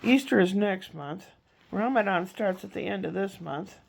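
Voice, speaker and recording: A woman's voice: medium pitch, moderate pace, gravelly, a little hiss or hum. A woman vlogging from home in a meandering, chatty way, a little congested with a lingering cough. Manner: chatty, meandering, self-interrupting. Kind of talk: rambling casual chat.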